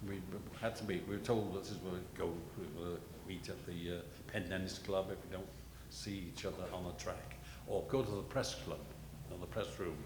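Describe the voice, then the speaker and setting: An older man telling a rambling, self-deprecating story at a gallery panel, halting with many restarts. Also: low voice, fairly even intonation. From England. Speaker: panel guest, illustrator. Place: gallery panel before an audience. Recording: echoey gallery hall, noisy.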